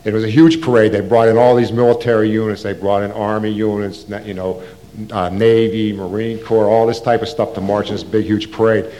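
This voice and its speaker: An older man speaking in a fairly low voice, telling his own story in an oral-history interview. He rambles casually, trips over restarts and falls back on slang. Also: little pitch movement, fairly quick, mellow. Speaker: Vietnam veteran recounting his service.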